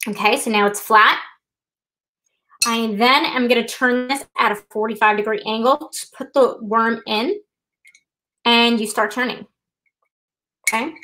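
A woman's voice: fairly high pitch, a little slow, pauses often, sharp tone, rough recording. A woman hosting a live trivia night, chatting casually and explaining things step by step with a self-deprecating touch. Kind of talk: casual live-stream demonstration.

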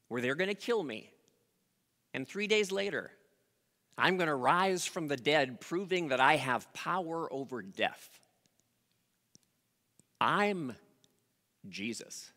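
A preacher speaking as Jesus, a calm, commanding grown man, in an earnest, reassuring way. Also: mid-range voice, pitched below the performer's own voice, heavily acted. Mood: tender. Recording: long reverb of a large hall.

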